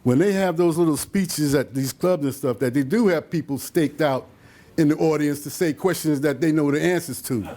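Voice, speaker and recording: Speaking at normal speed in a higher-pitched but dark-toned voice, an older man who works as a photographer gives a casual slideshow talk. He wanders through stories behind his pictures for a live crowd, padding them with fillers and asides and voicing the people he quotes.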